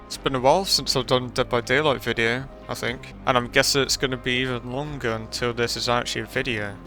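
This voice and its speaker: A man's voice: medium pitch, fairly even intonation, fairly quick, sharp tone, faint music behind. A man giving casual, rambling gameplay commentary with self-deprecating remarks. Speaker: gaming channel host.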